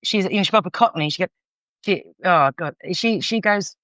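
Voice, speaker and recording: Appearing as a guest on a podcast, this counsellor, a middle-aged North London woman with a London accent, tells a frank, animated story full of restarts. Her voice sits on the low side and moves at a moderate pace. There's no room sound, and the audio is dull and lo-fi.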